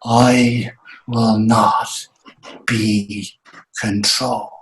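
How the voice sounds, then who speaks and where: Theatrical male comic on a video call, slow and deliberate, whispering then bursting out loud. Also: on the low side, level tone, echoey room, low-quality recording. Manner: theatrical, swings between whispers and loud outbursts. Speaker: comedy performer. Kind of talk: absurd comic monologue.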